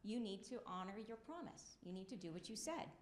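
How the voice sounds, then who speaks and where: A woman's voice: mid-range voice, lively intonation, a little fast, natural voice. A woman voicing a fairy-tale king and father in a tale she retells, speaking firmly and lecturing, in a roomy, echoing space. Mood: stern. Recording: roomy echo.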